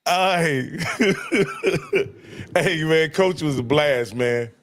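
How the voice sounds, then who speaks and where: A man's voice: fairly high pitch, extremely slow, fairly bright tone. A man co-hosting a sports talk show, joking and playful during the sign-off. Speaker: co-host. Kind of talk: casual sign-off banter.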